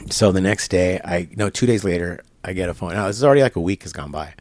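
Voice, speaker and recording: This man speaks low and quick, his tone on the dark side. He's an interview guest in a barber shop, telling a long story casually, voicing both callers in phone conversations with quoted dialogue and laughs.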